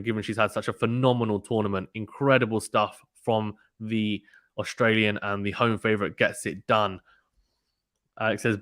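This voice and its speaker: A man giving casual live play-by-play tennis commentary and reading out viewer chat, in a brisk, chatty manner with frequent ums and restarts. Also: on the low side, fairly bright tone, dry recording, studio quality.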